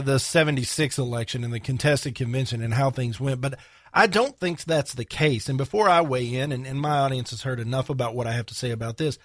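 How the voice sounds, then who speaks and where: A man's voice: medium pitch, fairly bright tone, no room sound, studio quality. A man hosting a talk radio show in a conversational way, sometimes getting tongue-tied.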